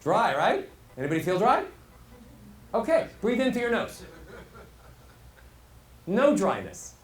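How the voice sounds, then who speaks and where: A man teaching a live workshop as a voice coach, animated and demonstrative, asking his audience questions. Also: high-pitched, unhurried. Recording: roomy echo, faint hall ambience.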